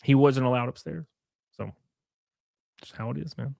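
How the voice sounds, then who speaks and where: This man from Alabama, with a Southern Alabama accent, hosts a casual livestream, reading chat and rambling with crude joking asides. His mid-range voice is creaky and darkish, at normal speed, with clean studio sound and no room sound.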